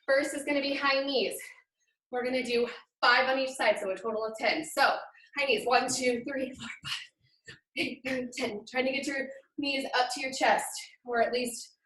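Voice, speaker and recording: A woman's voice: high-pitched, fairly bright tone. A woman fitness trainer leading a live home workout, upbeat and counting reps, often out of breath. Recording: echoey room, far from mic.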